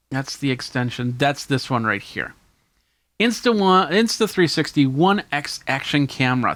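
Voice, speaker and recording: A man's voice: medium pitch, a bit bright, no echo. Casual man showing off camera gear. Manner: casual, enthusiastic show-and-tell. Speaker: tech video host. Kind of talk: hands-on gear demonstration.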